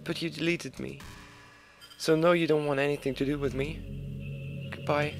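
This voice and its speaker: A man voicing a sad, pleading young woman from a video game, speaking softly and hurt. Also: on the high side, fairly even intonation, measured pace, creaky, music in the background. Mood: sorrowful.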